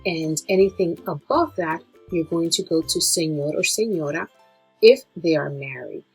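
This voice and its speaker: A woman with a very husky, slightly low voice leads a beginner lesson from slides. She speaks as a nurse teaching colleagues, slowing down and repeating each new word. Soft music plays faintly beneath her. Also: low-quality recording. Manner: slow, drawn-out pronunciation of Spanish words. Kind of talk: slide-based language lesson.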